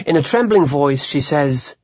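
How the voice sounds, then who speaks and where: A man's voice: a little high, animated, normal speed, husky, no echo, dull audio. Wry male audiobook narrator.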